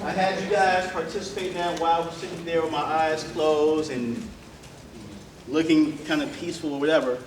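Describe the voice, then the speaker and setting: Male motivational speaker, lively crowd storytelling, fairly high voice, caught from afar in a roomy hall with audience noise. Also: normal speed, distant mic. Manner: animated, joking, addresses crowd directly. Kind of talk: storytelling speech to a live audience. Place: large room with an audience.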